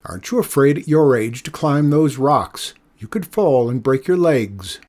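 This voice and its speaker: A man voicing a gruff, rude old male lighthouse keeper who mocks and calls out loudly in a storybook reading. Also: medium pitch, expressive, moderate pace, close to an everyday voice. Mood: scornful. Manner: mocking, scornful, calls loudly.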